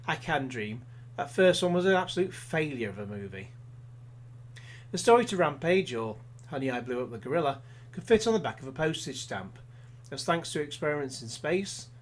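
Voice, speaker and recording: Dry, sarcastic man reviewing films. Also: medium pitch. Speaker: film reviewer. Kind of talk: scripted review voice-over.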